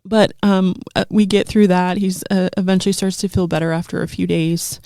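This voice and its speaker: A woman's voice: lowish voice, steady tone, moderate pace, warm tone, clear, resonant tone, no echo, clean studio sound. A woman in her thirties, a guest telling a heartfelt personal testimony in conversation, earnest and full of fillers. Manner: earnest storytelling with frequent fillers.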